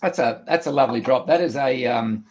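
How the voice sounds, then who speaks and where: Husky-voiced man, chatty. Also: medium pitch, fairly quick, a little mellow. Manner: chatty, enthusiastic, stammering restarts. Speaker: whisky tasting co-host. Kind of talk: casual online tasting chat.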